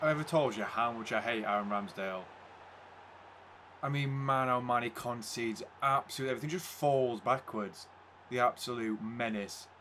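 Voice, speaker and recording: A man's voice: medium pitch, moderate pace, fairly bright tone, a little hiss or hum. A young man commentating a football video game casually, swinging between hype and frustrated ranting. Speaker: gaming YouTuber.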